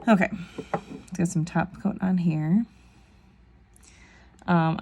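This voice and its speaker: A woman in her thirties talks through her nail tutorial in a relaxed, rambling way, tossing in self-deprecating asides. Her voice sits a little low, with a warm, mellow tone and a gravelly edge. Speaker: nail vlogger. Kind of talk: casual tutorial chat.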